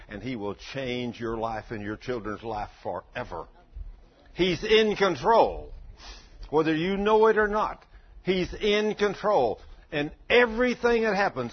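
An older man preaching a sermon in a folksy storytelling way that swells into loud fervor, in a dull lo-fi recording. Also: medium pitch, husky.

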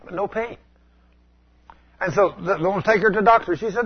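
A man preaching a storytelling sermon in a folksy way, asking the congregation questions and rising to loud exclamations. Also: high voice, a little fast, slightly rough, dull audio.

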